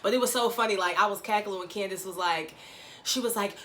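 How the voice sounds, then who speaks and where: A woman recapping a reality show in a gossipy, slangy, animated chat, acting out quotes. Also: mid-range voice, fairly quick, a little hiss or hum.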